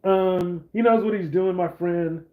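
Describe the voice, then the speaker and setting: A man's voice: high voice, steady tone, measured pace, narrow, tinny audio. A man hosting a casual political livestream, rambling with lots of "like" and reading out viewer comments. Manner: rambling, filler-heavy, reads out viewer comments. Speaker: livestream host.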